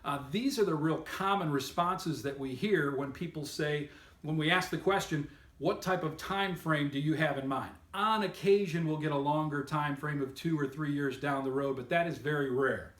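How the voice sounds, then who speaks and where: A man's voice: a little high, moderate pace, a bit bright, reverberant. A man giving an upbeat, emphatic sales training lesson, coaching listeners on method. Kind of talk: instructional talk to camera.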